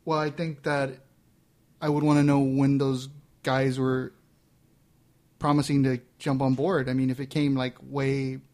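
A man's voice: mid-range voice, flat delivery, unhurried, pauses often, darkish tone. A man co-hosting a casual movie podcast, joking dryly with some hesitation. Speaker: podcast co-host. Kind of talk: casual chat.

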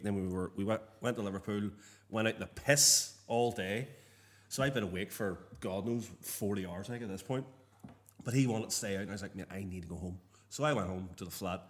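A young man rattles through a rambling anecdote at a fast clip. His voice sits fairly low. He keeps the story moving in relaxed chat. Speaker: touring musician guest.

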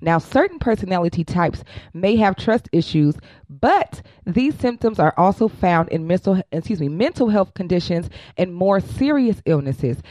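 A woman's voice: fairly low pitch, dark tone, no echo. A woman co-hosting a comedy podcast, reading an advice segment and then joking bluntly. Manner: blunt, sassy jokes. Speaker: podcast co-host. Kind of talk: reading a self-help segment, then casual chat.

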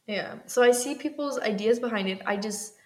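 A woman's voice: a little high, moderate pace, a little mellow. A young woman co-hosting a podcast, chatting casually, filling her talk with "like" and laughing often. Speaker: podcast co-host. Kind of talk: casual chat.

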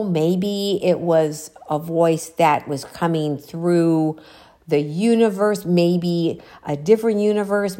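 Slow-talking woman telling a spooky story. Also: on the low side, a little mellow. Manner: chatty, retelling a spooky story. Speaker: vlogger. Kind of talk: casual storytelling on a walk. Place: outdoors, walking.

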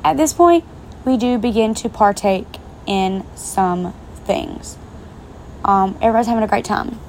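A woman's voice: mid-range voice, unhurried, a little mellow, a little hiss or hum. Chatty, swearing young woman telling a story. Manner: chatty, profane, speaking straight to viewers. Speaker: vlogger. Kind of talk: casual storytime vlog. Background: faint rain.

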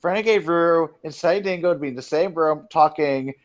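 A man co-hosting a casual live-stream podcast, jokey and excitable. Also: a little high, fairly quick, lo-fi sound. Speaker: podcast co-host.

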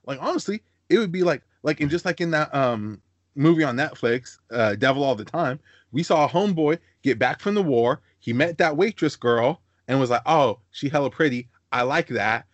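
Lively young man telling stories. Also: moderate pace, no room sound. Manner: animated storyteller, doing high-pitched voices of the people he quotes. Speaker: podcast host. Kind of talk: casual podcast chat.

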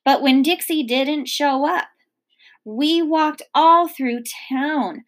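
A woman teacher reading a children's novel aloud in an expressive storybook manner. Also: sits high, takes it slowly.

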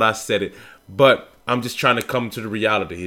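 A man's voice: fairly low pitch, brisk, sharp tone. A man co-hosting a casual podcast, giving opinionated takes and often rising into exasperated rants. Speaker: podcast co-host. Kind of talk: casual wrestling talk.

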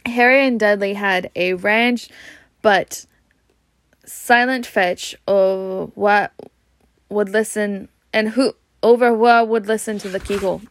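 A woman's voice: medium pitch, steady tone, slow, dry recording. A woman reading a novel aloud, often stumbling over words and restarting. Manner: stumbling, frequent restarts, self-laughing. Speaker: amateur reader.

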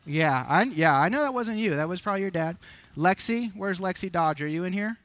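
A man's voice: high-pitched, lively intonation, fairly quick, fairly bright tone. A man preaching a sermon from a church stage, earnest and emotional, with self-deprecating asides to the congregation.

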